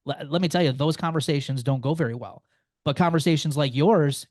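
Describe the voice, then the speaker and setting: A man's voice: on the high side, lively intonation, fast talker, a little mellow, no echo, studio quality. A man who is a guest on a podcast, giving personal finance advice in an earnest, encouraging way. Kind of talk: conversational interview.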